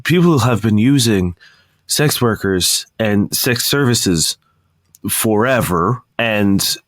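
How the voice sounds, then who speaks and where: Deep-voiced sleepy podcast co-host man. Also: expressive, slow, no echo. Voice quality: morning voice. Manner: jokey, self-deprecating, stumbling restarts. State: just woken up. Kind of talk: casual chat.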